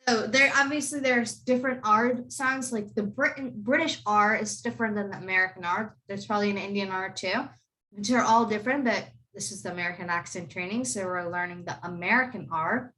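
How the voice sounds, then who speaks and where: Young woman, pronunciation tutor, bright voice, patient repetition, video call. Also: mid-range voice, fairly quick. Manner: explains patiently, repeats model words for students. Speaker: accent tutor. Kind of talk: online pronunciation lesson for kids.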